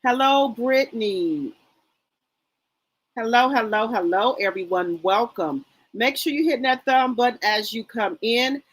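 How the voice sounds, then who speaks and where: A woman's voice: on the high side, animated, measured pace, poor audio. A middle-aged woman hosting a casual livestream, greeting viewers by name and chatting loosely with lots of fillers. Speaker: livestream host. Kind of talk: casual live chat reading viewer comments.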